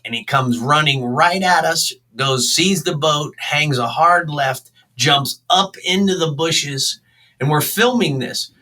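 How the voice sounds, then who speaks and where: A man's voice: mid-range voice, distant mic, low-quality recording. A man, telling fishing stories in a casual interview. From South Florida, US. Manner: animated storyteller, acts out shouts. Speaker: fishing show host and charter captain.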